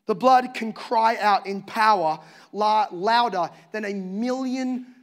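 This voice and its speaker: A man preaching a sermon as pastor, impassioned, swinging from hushed to loud. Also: high-pitched, slow.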